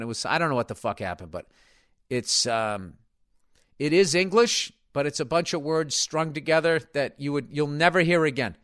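Crude, rambling comedian host. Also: male voice, on the high side, a bit bright, no room sound, studio quality. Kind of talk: casual podcast chat reading listener mail.

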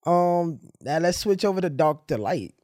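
A man's voice: a little high, moderate pace, no room sound, clean studio sound. A young man hosting a podcast, telling a story and acting out the people in it. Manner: animated storyteller, acts out dialogue. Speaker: podcast host. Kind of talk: casual storytelling chat.

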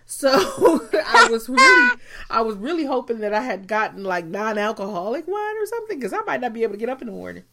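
A woman's voice: on the high side, sing-song, racing, gravelly, few pauses. Giggly podcast host lady, lots of ums, chatty. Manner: giggly, rambling with many ums. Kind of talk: casual chat.

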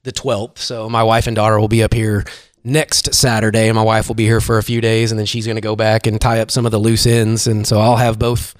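Middle-aged male coach, lively storyteller, dry close mic. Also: fairly low pitch, fairly quick, no echo. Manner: animated storyteller, acts out quotes. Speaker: women's basketball coach. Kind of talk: casual podcast chat.

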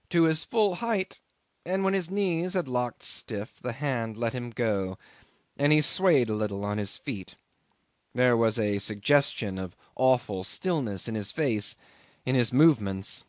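A man narrates a classic novel in a measured, expressive reading. His pitch moves widely over each phrase. The recording is dry and close, with no room sound. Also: dry recording. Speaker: audiobook reader. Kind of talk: scripted narration.

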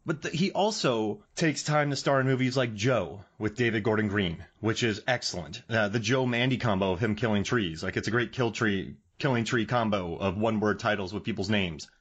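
A man's voice: fairly low pitch, husky, highs cut off. A man hosting a podcast, chatting casually and enthusiastically about movies. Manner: enthusiastic, fast-riffing movie talk. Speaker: podcast host.

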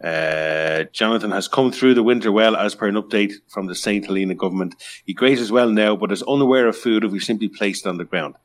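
A man's voice: on the low side, a little fast. A man co-hosting a podcast in casual chat, joking, swearing and reading news items aloud. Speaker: podcast co-host.

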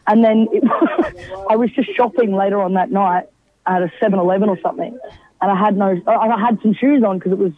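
A woman comedian chatting on a radio show, telling animated anecdotes and laughing often. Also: medium pitch, fairly quick, dry recording, narrow, tinny audio. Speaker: comedian guest. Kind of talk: casual radio chat, storytelling.

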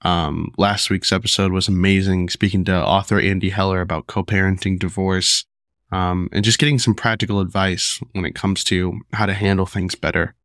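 A man hosting his own podcast, talking casually with lots of fillers and restarts while sick and rough-voiced. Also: deep voice, flat delivery, normal speed, a bit bright, no room sound, studio quality. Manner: rambling, many fillers and restarts. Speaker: podcast host. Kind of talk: casual solo podcast talk.

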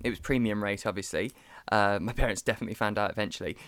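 A man's voice: on the low side, racing, a bit bright, no room sound. A young British man hosting a podcast in casual chat, telling stories with animation and acting out the voices of the people in them. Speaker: podcast host.

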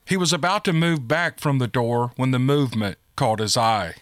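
A man giving steady, scripted narration of a monster-hunting audiobook. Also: mid-range voice, normal speed, no room sound, studio quality.

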